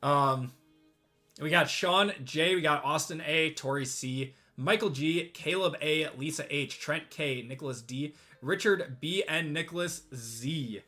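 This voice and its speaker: Man, live-stream host, chatty, upbeat, slightly strained voice, a bit high, bright and forceful tone, faint music behind. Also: a little slow. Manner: upbeat, chatty, reads out buyer names, laughs easily. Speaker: host of a live sports card group break. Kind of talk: casual live-stream chat. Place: at a desk.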